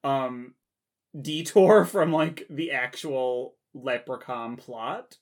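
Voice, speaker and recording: A woman's voice: rumbling low, takes it slowly, darkish tone. A woman co-hosting a podcast, talking casually with lots of fillers and bursts of laughter. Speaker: podcast co-host. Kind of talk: casual chat.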